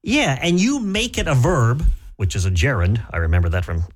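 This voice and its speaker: Radio morning guy bantering, pitch jumping all over, wry and chatty. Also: wildly swooping pitch, normal speed. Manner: chatty, wry, musing, laughs easily. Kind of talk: casual on-air banter.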